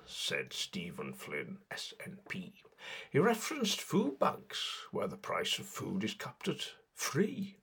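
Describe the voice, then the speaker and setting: A man's voice: mid-range voice, wildly swooping pitch, takes it slowly, gravelly, pushed and bright, a little hiss or hum. A man delivering sardonic satirical political commentary in a mocking, sarcastic way.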